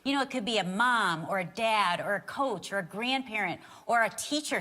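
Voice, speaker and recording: A woman speaking on a church stage, with a bright voice whose pitch swoops widely. She tells an expressive story and acts out the quotes as she goes. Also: normal speed, few pauses. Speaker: co-teacher on marriage with her husband. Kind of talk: live sermon storytelling. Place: church stage before a live audience.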